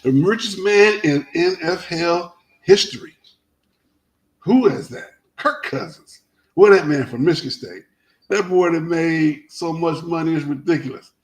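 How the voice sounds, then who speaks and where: A man hosting a casual sports talk show, telling stories in a rambling, animated way with many restarts. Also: fairly high pitch, a little slow, poor audio.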